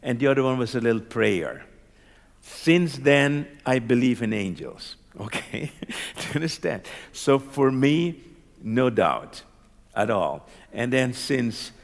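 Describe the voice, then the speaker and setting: A man from Curaçao recounts a personal story in an animated way, breaking into laughter and checking that his listener is following. His voice is mid-pitched and carries a long, reverberant tail from the room. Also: gravelly. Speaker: doctor.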